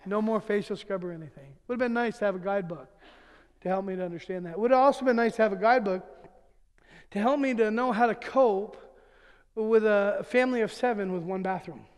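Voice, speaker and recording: A middle-aged male pastor with a notably high voice, preaching in a church sanctuary. His words ring out with a long hall reverb. He mixes chuckling family anecdotes with earnest appeals. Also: brisk, clean tone. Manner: chuckles through his own jokes, then turns earnest. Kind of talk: sermon with humorous family stories.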